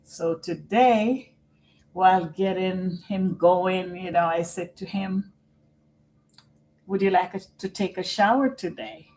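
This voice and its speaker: A middle-aged woman live-streaming on her computer at home, talking slowly and earnestly about caring for her father and often repeating herself. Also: on the low side, a little mellow, poor audio. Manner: slow and earnest, repeats phrases. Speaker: vlogger and family caregiver. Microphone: computer microphone.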